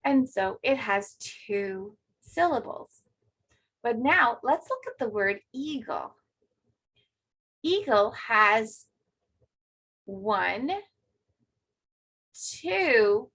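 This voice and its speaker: A woman teacher giving a remote phonics lesson to second graders, speaking clearly and encouragingly to young children. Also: fairly high pitch, lively intonation, measured pace, a bit bright, rough recording.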